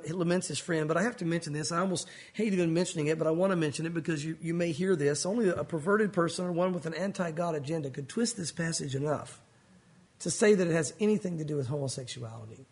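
Husky-voiced man preaching earnestly. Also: quick pace, a little mellow. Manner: earnest, pleading, rises and falls in pitch for emphasis. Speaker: pastor. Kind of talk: sermon.

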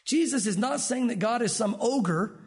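A middle-aged man preaching a sermon, animated, acting out the voices of people in his story. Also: very high voice, normal speed. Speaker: pastor.

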